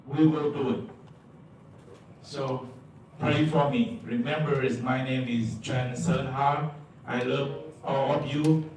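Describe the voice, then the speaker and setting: Heard from a distance in a cavernous, echoey hall with ongoing background noise, a man offers public comment at a meeting. His English is broken, halting, and repetitive, and he stumbles as he goes, his voice pitched in the mid-range.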